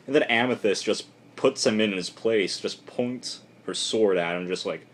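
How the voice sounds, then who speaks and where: A man casually reviewing a comic book issue for a vlog, rambling and excitable, filling his talk with "like" and "just". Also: on the low side, moderate pace, hardly any pauses.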